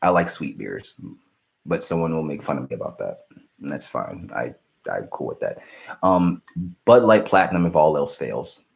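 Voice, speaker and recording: A young man hosts a live stream, answering viewer questions in a relaxed, rambling way full of fillers and restarts. His bass voice is creaky and moves at normal speed.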